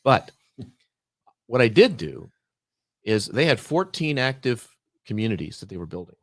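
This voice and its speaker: On a podcast, a middle-aged male guest shares a work story in a relaxed chat, speaking at a normal speed in a mid-range voice. He's an animated teller who performs both halves of the dialogue. The studio sound is clean and free of echo.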